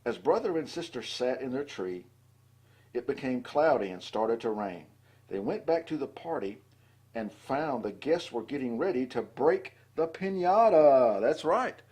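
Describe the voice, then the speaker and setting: Husky older man reading a children's book. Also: mid-range voice, expressive, measured pace, a little mellow. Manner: adds asides and chatty commentary between lines. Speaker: storybook reader.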